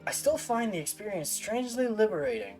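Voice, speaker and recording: Man doing a polite young lord, formal and measured, some music behind. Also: high voice, lively intonation, darkish tone, voice pushed up. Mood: courteous. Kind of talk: reading game dialogue aloud with voices.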